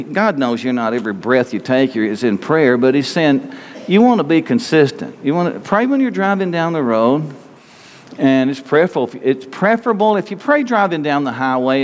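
A middle-aged pastor delivers a loose, folksy sermon, doubling back on his words as he goes. His man's voice sits a touch high, and it rings out with the long reverb of a church hall. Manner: folksy, rambling, restarts often. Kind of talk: conversational sermon. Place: church sanctuary.

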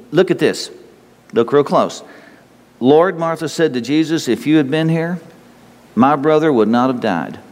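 A man with a mid-range, somewhat mellow voice preaches a conversational sermon in a folksy style, chuckling and posing rhetorical questions to his listeners. The recording has a long hall reverb.

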